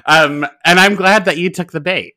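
A podcast guest in casual chat, theatrical and animated, laughing often. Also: mid-range voice, moderate pace, crowd noise.

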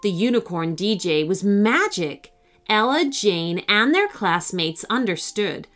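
Woman reading a kids bedtime-style story, slow and super expressive, goes up high for the girls. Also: faint music behind. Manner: expressive, voices the girls with higher excited pitch. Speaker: children's story narrator. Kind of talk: scripted storybook narration.

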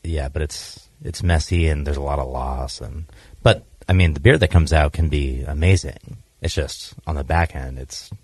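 A man's voice: a bass voice, moderate pace, breathy edge, dry recording. A man hosting a podcast in casual chat, talking loosely with lots of fillers. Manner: relaxed, filler-heavy talk. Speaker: podcast host.

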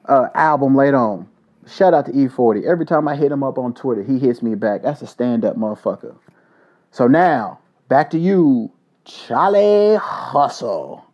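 A man hosting his own podcast, telling a story in a heated, profane, casual rant. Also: medium pitch. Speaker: podcast host. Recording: dull lo-fi recording.

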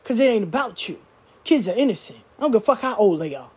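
A woman telling candid stories about her spiritual community in a blunt, profane, animated way. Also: a little high, fast talker, slightly rough. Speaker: spiritual practitioner. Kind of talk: candid storytelling monologue.

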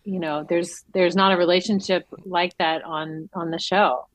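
A woman's voice: moderate pace, dry recording. A woman, an actress guest, chatting in an interview and acting out quotes with big jumps in her voice. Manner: animated, acts out quotes with big pitch jumps. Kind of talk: casual interview chat.

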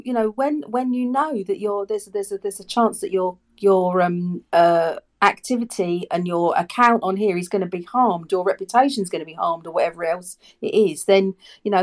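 A woman's voice: medium pitch, a little mellow. A woman guest on a podcast, a personal branding coach, talking earnestly with many restarts. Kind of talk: casual podcast chat.

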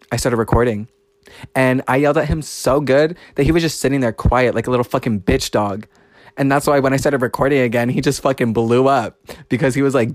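A man's voice: medium pitch, no echo. A young man telling an angry storytime about a fight with friends, ranting with heavy swearing and acting out his own heated replies. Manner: heated, profane, emphatic retelling with quoted confrontations. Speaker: vlogger.

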